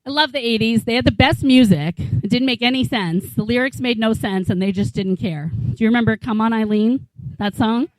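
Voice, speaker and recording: A woman's voice: fairly high pitch, brisk, no echo, low-quality recording. A woman in her forties doing a stand-up comedy set in a small bar, rambling and incredulous, swearing freely. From New England, USA. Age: 40s. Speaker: stand-up comic.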